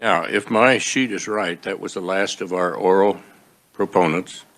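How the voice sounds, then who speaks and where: A man runs a legislative committee hearing in an easygoing, procedural way. His voice is fairly low, and he fills pauses with small fillers. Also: steady tone, fairly bright tone. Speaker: committee chair.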